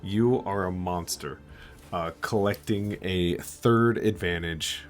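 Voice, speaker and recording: A deep-voiced man runs a tabletop game and narrates with loose, chatty asides. His speech is full of ums and restarts. Soft music plays underneath. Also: takes it slowly. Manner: relaxed, chatty, with filler words. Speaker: game master.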